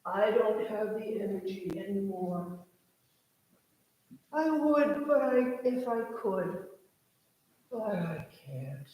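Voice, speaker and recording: A woman voicing a tired, very old male train engine in a children's story, talking slowly in an echoey church hall. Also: medium pitch, animated, mellow, distant mic. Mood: weary. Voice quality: slow, tired, drawn out. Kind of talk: reading a children's story aloud.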